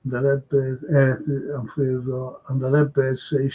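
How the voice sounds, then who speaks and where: Slow-talking husky man hosting a stream. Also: medium pitch, completely flat delivery. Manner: reads out viewers' comments and replies chattily. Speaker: host of a fan live stream. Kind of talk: casual live-chat reading. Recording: dull lo-fi stream audio.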